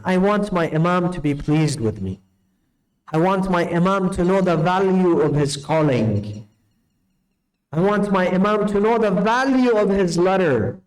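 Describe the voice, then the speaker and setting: A man telling a story in a night sermon, acting out the dialogue with sweeping changes in his voice. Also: rough recording. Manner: animated storyteller, acts out dialogue with big pitch swings. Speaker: preacher.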